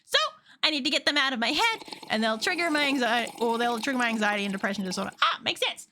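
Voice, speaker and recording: A woman streams a game, chatting casually in a rambling, giggly way and swearing freely. She's a VTuber streamer and model rigger whose slightly high voice is animated and fast, with a noisy background.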